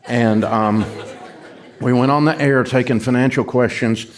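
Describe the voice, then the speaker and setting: Speaking to an audience, this middle-aged Southern US man spins a folksy story at his own expense. His mid-range voice holds a steady tone at a measured pace.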